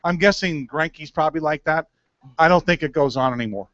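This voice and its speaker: A man hosting a casual chat, a former pitcher who jokes and drops quick quips. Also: a bit bright, no room sound. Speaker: host, former major-league pitcher. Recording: dull, dry, lo-fi sound.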